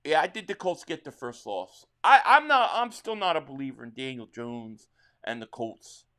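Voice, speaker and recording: A man hosting a live sports reaction stream, calling plays excitedly and answering chat, his voice a little worn. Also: medium pitch, moderate pace. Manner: excitable play-by-play calling, reading viewer chat. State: slightly losing his voice.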